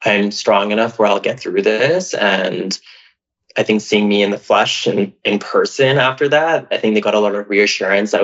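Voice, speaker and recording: A Canadian man appears as a podcast guest and opens up about his life, telling a personal story in a chatty, emotional way and saying "like" a lot. His lowish voice is a bit bright at normal speed, and the audio is dull and lo-fi.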